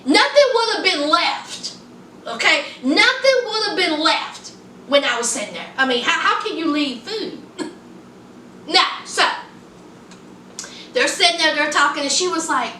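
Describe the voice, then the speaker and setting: Sassy high-voiced woman recapping TV. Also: animated, measured pace, sharp tone, distant mic, slight background noise. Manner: sassy, chatty, addresses viewers as honey and y'all. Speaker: reality TV reviewer. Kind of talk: casual recap vlog. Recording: echoey room, voice off-mic.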